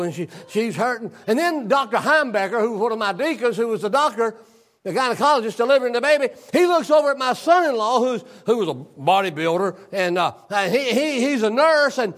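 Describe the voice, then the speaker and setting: High-voiced older preacher telling a story. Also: male voice, expressive, brisk, fairly bright tone. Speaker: pastor. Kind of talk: sermon.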